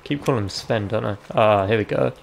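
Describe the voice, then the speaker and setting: A young man chatting casually over his gameplay, reacting out loud and swearing freely. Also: lowish voice, fairly quick, vocal fry, a little hiss or hum. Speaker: gaming video creator.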